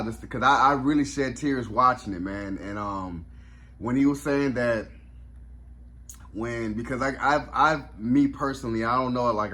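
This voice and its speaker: A man's voice: mid-range voice, sharp tone. A man reviewing a comedy special in a casual vlog, reflective and openly emotional, with lots of fillers and restarts.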